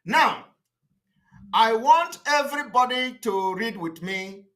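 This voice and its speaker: A Nigerian-accented man delivers an impassioned political address, indignant and combative. His voice is bright and edged, swinging widely in pitch as he drives each point home. He repeats short jabs and sometimes stumbles through fillers. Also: lively intonation, takes it slowly. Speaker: political activist addressing viewers.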